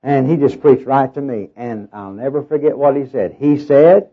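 A man's voice: mid-range voice, moderate pace, few pauses, breathy edge. A middle-aged man with a Southern US accent and a nasal tone, preaching a sermon in a folksy storytelling way full of fillers and self-deprecating humor. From Oklahoma, raised in Arkansas. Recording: dull lo-fi sermon tape.

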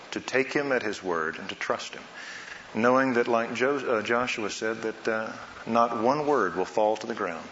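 A man preaching a sermon, asking rhetorical questions and swinging between soft and loud delivery. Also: medium pitch, lively intonation, unhurried, a little hiss or hum. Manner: dramatic swings in loudness and pace, rhetorical questions. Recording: roomy, slightly dull sound.

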